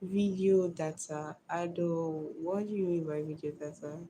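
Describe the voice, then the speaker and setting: A woman's voice: on the low side, steady tone, unhurried, dark tone, a little hiss or hum. A woman with a Nigerian accent chatting casually on a live stream, greeting viewers by name and answering their comments.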